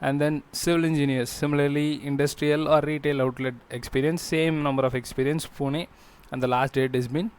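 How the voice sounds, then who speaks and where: A man hosting a job-listings channel, talking through a screen walkthrough in a halting way with frequent fillers and restarts. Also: on the high side, flat delivery, darkish tone, clean tone.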